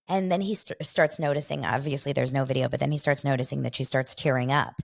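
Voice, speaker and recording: A woman hosting a casual gossip podcast, telling a story with lively retelling of who said what. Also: fairly quick, gravelly, hardly any pauses. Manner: animated storyteller, acts out quotes in a higher voice. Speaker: podcast host.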